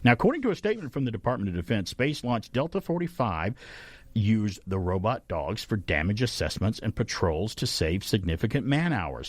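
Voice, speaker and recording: Man, radio host, animated pitch, dry close mic, casual news chat. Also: dry recording. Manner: animated, reads news items aloud with asides and laughs.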